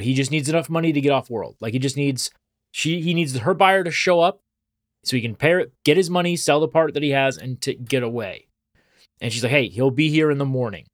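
A man's voice: mid-range voice, lively intonation, brisk, dry recording, clean studio sound. A man co-hosting a podcast, recapping an episode in casual chat and acting out characters' lines as he goes. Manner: chatty, acts out quoted lines. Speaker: podcast co-host.

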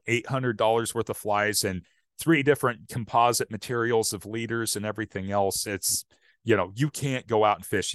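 A man's voice: fairly low pitch, no room sound, studio quality. A man talking casually as a podcast guest, rambling with many fillers and restarts. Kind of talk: casual conversation.

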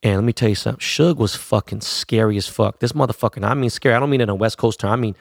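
A middle-aged man from Los Angeles tells a long story as a DJ, swearing freely and leaning on street slang. His voice sits low with a gravelly fry, and the recording is close and dry. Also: no room sound. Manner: profane, streetwise slang, quotes others in quick voices. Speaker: DJ and producer telling a story. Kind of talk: casual storytelling.

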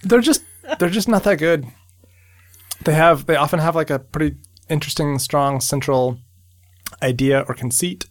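A man co-hosting a podcast in casual, halting chat, often restarting his sentences. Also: on the high side, dry recording. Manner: hesitant, restarts and trails off. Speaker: podcast co-host.

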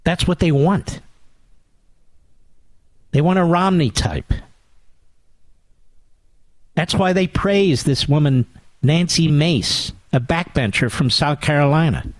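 A man's voice: a little high, takes it slowly, long pauses, no echo. Combative talk-radio man, dry sound. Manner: combative, sarcastic, emphatic. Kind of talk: political talk radio monologue.

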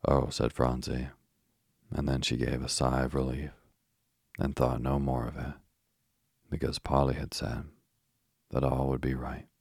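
A man narrating a bedtime sleep story in a slow, soothing reading voice. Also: a bass voice, monotone, creaky, husky, no room sound, clean studio sound.

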